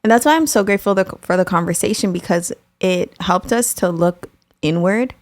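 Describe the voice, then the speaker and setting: A woman's voice: mid-range voice, brisk, no room sound. A young adult woman co-hosting a podcast, talking openly and appreciatively about parenting in casual conversation. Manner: open, candid and appreciative. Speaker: podcast co-host, mother.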